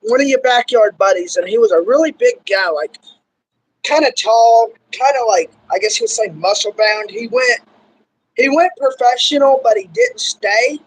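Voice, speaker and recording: A man's voice: extremely high pitch, expressive, moderate pace, slightly rough, low-quality recording. A young man from Kentucky with a Southern accent, hosting a casual interview and rambling loosely with lots of "like" and "y'all". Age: young adult. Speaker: interviewer, show host.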